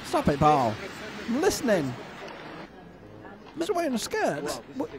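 An older man on a holiday outing, talking in a dry, scolding, deadpan way outdoors. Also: very high-pitched, a little slow. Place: busy tourist town outdoors. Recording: busy crowd noise around.

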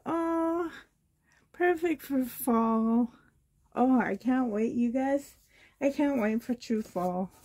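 A hoarse woman from Canada gushing with delight as she unboxes a reborn doll trade for her vlog. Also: fairly high pitch, a little mellow. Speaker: reborn doll collector vlogger.

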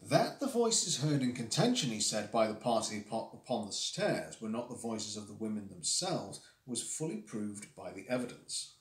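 A man reading as a cool, lecturing gentleman detective. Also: fairly low pitch, very animated. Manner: measured, lecturing, reasoning aloud. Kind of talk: reading a classic story aloud on a livestream. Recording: roomy echo.

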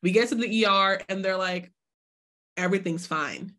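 A woman's voice: medium pitch, fairly even intonation, a little fast, a bit bright. A woman in her twenties speaking at an online workshop, talking straight to viewers and acting out her own inner voice in quoted asides. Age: 20s. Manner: addresses viewers directly, asks for chat replies. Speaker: summit speaker. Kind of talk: live online workshop talk.

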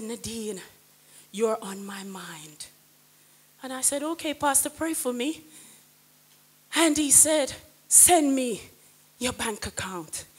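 A middle-aged woman evangelist giving a sermon with personal testimony, swinging from hushed, quiet passages to shouted, impassioned praise. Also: sits high.

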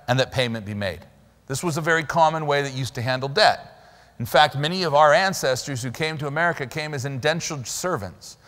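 A man preaching a sermon as pastor, animated and emphatic, in a church sanctuary. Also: a little high. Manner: animated, emphatic preaching with sudden loud stresses. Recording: long hall reverb in a church.

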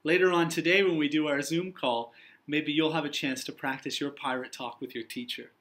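A young man, a teacher, reading a picture book aloud to young children in an encouraging, expressive way. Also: a little high, moderate pace.

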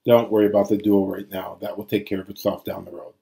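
A man's voice: fairly low pitch, little pitch movement, fast talker, vocal fry, dark tone. A man teaching Greek grammar in a recorded lecture, reciting forms aloud.

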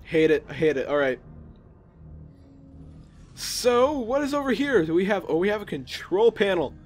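Animated young man commenting on a game. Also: on the high side. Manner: chatty, jokey, animated reactions to the game. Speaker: gaming video host. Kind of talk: casual let's play commentary.

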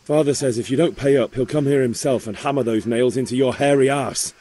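A man's voice: mid-range voice, brisk, warm tone, lightly acted. An actor playing a young man sent to collect his father's debt, speaking bluntly and matter-of-factly. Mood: firm.

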